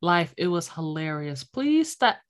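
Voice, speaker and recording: A woman's voice: on the low side, big pitch swings, unhurried. A woman in her late twenties or thirties co-hosting a casual podcast, telling stories animatedly, laughing often and swearing casually. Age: millennial. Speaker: podcast co-host. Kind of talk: casual chat.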